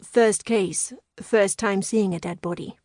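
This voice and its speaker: A woman reading a calm, caring young man. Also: mid-range voice, slow pace, no room sound, clean studio sound. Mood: reassuring. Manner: calm, reassuring. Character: caring young male investigator.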